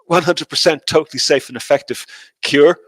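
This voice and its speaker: A man's voice: fairly high pitch, fairly quick, a bit bright, no room sound. A middle-aged man hosting a casual livestream, talking to his chat, swearing a lot and laughing often. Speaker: livestream host.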